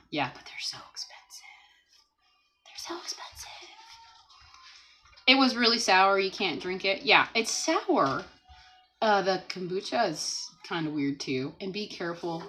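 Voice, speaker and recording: A woman hosting a casual livestream from home, chatting, laughing often and reading viewer comments aloud, and talking gently to a small child beside her. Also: lowish voice, rough recording. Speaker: livestream host.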